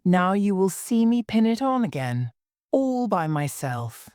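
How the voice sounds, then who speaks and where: A woman voicing a fussy, scatterbrained old queen who talks in a high, fluttery way and breaks into wailing cries. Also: big pitch swings, a little slow, a little mellow, smooth, no room sound, studio quality.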